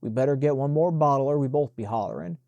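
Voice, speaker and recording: A man voicing a young servant boy who speaks in Southern dialect, loud and urgent, shushing and giggling tipsily. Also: mid-range voice, fast talker, no echo, muffled recording, close to an everyday voice. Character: young Black servant boy, giddy and tipsy.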